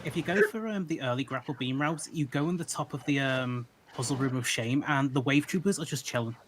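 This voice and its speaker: A man's voice: mid-range voice, brisk, noisy background. A man chatting casually on a stream, explaining game routes step by step. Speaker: co-commentator giving route advice.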